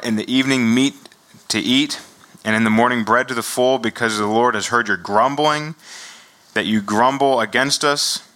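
A man's voice: lowish voice, sharp tone. A middle-aged man giving a casual sermon, reading scripture and talking it through with many fillers and laughs. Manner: conversational, laughs often, many fillers and restarts. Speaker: preacher.

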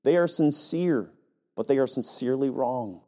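Emphatic male pastor with a mellow voice. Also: mid-range voice, lively intonation, normal speed. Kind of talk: sermon.

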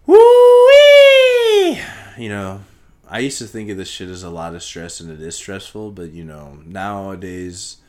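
A young man hosting a solo podcast, rambling and swearing casually, talking in circles and breaking into loud shouts. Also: sits low, normal speed. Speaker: podcast host.

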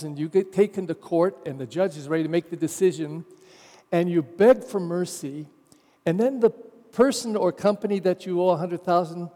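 A man's voice: high-pitched, warm tone, long reverb tail. A man, a pastor, preaching a sermon in a conversational way with wry asides.

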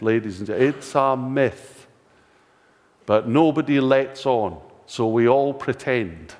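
A man's voice: mid-range voice, darkish tone. An older Scottish man preaching a sermon in a chatty way, full of rhetorical questions and dry self-mocking humour. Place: church. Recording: long reverb of a church hall.

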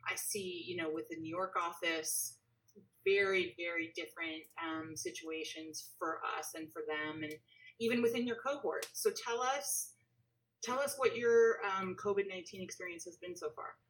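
Casting: woman interview host, chatty and animated, recorded remotely from a slight distance. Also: fairly low pitch, moderate pace. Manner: chatty, animated, lots of fillers. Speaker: podcast host. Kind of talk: casual interview over a call.

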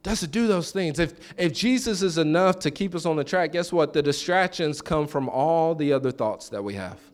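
A man preaching a sermon in church, telling stories with acted-out quotes and repeated phrases. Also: moderate pace. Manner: animated, pitch jumps high for quoted voices. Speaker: pastor.

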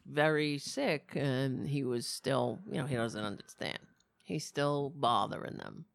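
A woman with a cracking, raspy voice, talking casually at home in a rambling, swearing vlog. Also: low-pitched, no room sound, studio quality. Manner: swears freely, rambles and talks to her cats.

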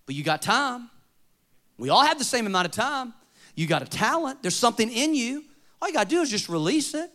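A man preaching a sermon, moving between loud emphatic points and quiet storytelling. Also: high-pitched, very animated, fairly quick. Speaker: pastor.

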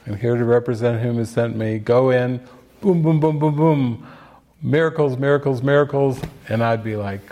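Storytelling older man, mid-pitched voice. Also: normal speed, a little mellow. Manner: storytelling, acts out quoted voices. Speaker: spiritual teacher giving movie commentary. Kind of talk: casual spiritual talk.

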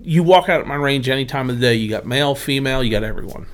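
A man's voice: medium pitch, rapid-fire. Guy who owns a driving range, chatty storyteller, plays out the quotes. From Pennsylvania. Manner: animated anecdotes with acted quotes. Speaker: driving range owner, guest. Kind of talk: casual storytelling.

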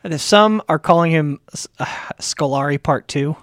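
A man's voice: fairly high pitch, normal speed, no room sound. A tired man co-hosting a casual sports podcast, chatty and rambling, talking into a close mic. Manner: rambling, chatty, trails off and restarts. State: tired, yawning. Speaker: podcast co-host. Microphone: close studio mic.

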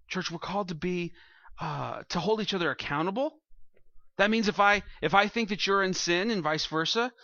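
A man's voice: high voice, bright, forceful tone, dry recording, highs cut off. A man preaching a sermon as pastor, earnest and plain-spoken, often restarting his phrases.

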